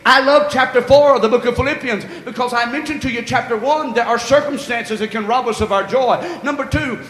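A man's voice: very high voice, a bit bright. A male pastor preaching a sermon, telling a story and repeating his points with emphasis. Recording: echoey hall with long reverb.

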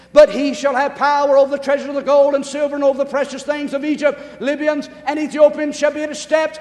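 A male pastor preaching a sermon, talking fast, calling for amens and rising to shouts. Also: extremely high pitch, long reverb tail. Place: church sanctuary.

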